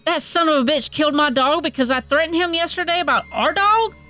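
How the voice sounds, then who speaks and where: A woman's voice: fairly high pitch, lively intonation, brisk, soft background music, natural voice. A woman voicing a fiery young wife who talks bluntly and swears. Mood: angry.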